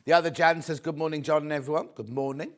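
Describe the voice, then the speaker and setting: A man presenting on a shopping channel, chatting warmly with viewers and urging them again and again to check out. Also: a little high, fairly even intonation, fast. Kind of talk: live TV selling chat.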